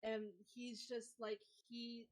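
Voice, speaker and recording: A woman's voice: fairly high pitch, completely flat delivery, slow, low-quality recording. A woman player casually describing her character's actions, rambling with constant "like"s. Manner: rambling, packed with "like". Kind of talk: casual game narration.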